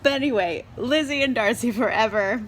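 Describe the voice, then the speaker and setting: A woman's voice: fairly high pitch, a little fast. A tipsy young woman reviewing a book in a casual vlog, bubbly and laughing often, swearing freely and saying "like" a lot. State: tipsy from wine. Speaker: book vlogger.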